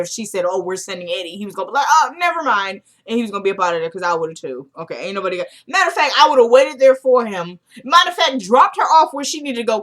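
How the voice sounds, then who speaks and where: A woman's voice: mid-range voice, a bit bright. A woman vlogger talks through a TV episode in a loose, casual recap. She is chatty and opinionated and drops in slangy asides.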